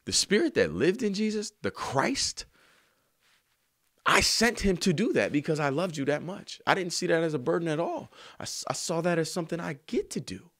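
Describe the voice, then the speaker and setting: A man telling an emotional story about writing a song, earnest and slangy, sometimes softly singing lines. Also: a little high, very animated, moderate pace, no echo. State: choked up. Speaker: songwriter. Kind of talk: heartfelt spoken testimony.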